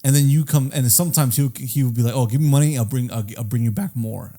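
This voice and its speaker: A man's voice: medium pitch, quick pace, dark tone. A man co-hosting a podcast in casual chat, rambling through stories with lots of swearing and acting out what his friends said. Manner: rambling storyteller, swears often, acts out quoted friends. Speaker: podcast co-host.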